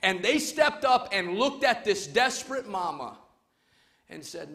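A male pastor with a high, bright voice preaches slowly in a church before his congregation. He is emphatic, moving from loud calls to hushed urging. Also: very animated, creaky. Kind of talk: sermon.

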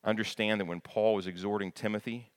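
A pastor with a lowish voice and fairly even intonation speaks briskly as he preaches a sermon to his congregation. He is emphatic, repeating key words and putting questions to the people, and he often stumbles and starts over.

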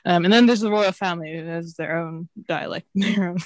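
A woman's voice: on the low side, a little fast. A woman in casual chat, talking in a hesitant, chatty way with frequent fillers.

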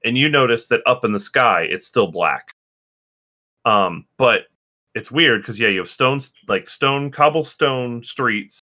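A man's voice: medium pitch, a little slow, sharp tone. A man narrating a tabletop game as game master, hesitant and full of restarts. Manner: hesitant, many fillers and restarts.

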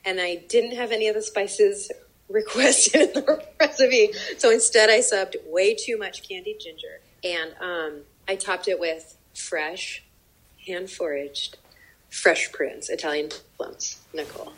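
A woman's voice: mid-range voice, measured pace, rough recording. A young woman, a professional baker, chatting casually with many fillers while tasting a cake. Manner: rambling, many fillers, lively.

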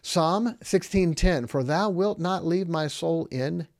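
A man's voice: on the high side, takes it slowly, no echo, studio quality. Emphatic man teaching scripture. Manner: emphatic, repeats questions and answers them; reads scripture aloud in King James wording. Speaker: podcast host. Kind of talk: Bible teaching monologue.

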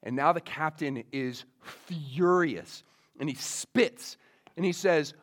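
A man's voice: fairly high pitch, slow pace. A male pastor preaching a sermon in a casual storytelling way, with many fillers, speaking to young listeners.

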